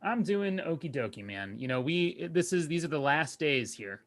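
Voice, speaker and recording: A man's voice: on the high side, animated, normal speed, a bit bright. A man co-hosting a podcast in casual chat, joking and rambling, often stopping to correct himself. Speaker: podcast co-host.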